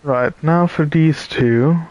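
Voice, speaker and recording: A man streaming a puzzle game, thinking aloud with pauses and chatting to viewers, tired and yawning. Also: on the high side, a little mellow, no room sound. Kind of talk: casual let's-play commentary.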